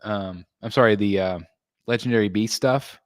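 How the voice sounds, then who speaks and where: A man with a lowish voice hosts a casual collectors' livestream at normal speed, reading chat messages aloud and answering in a rambling way full of ums and restarts. The recording is dry, with clean studio sound.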